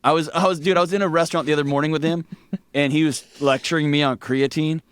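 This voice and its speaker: Animated storytelling man, dry close mic. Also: on the high side, clean tone, no echo. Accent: Southern US. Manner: animated storyteller, quick bursts, laughs through anecdotes. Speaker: podcast guest. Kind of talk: candid conversational interview.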